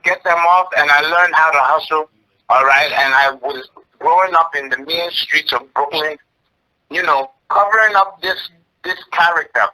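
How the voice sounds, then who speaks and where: Man from Ghana, wrestling persona, brash and blustery, very sharp bright tone. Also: on the high side, low-quality recording. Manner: blustery, tags nearly every phrase with "all right?". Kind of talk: brash in-character interview chat.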